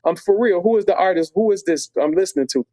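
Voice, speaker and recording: A man voicing a woman coworker at a record label, teasing and excited. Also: mid-range voice, quick pace, no echo, pitched above the performer's own voice, close to an everyday voice. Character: upbeat young woman record label promoter.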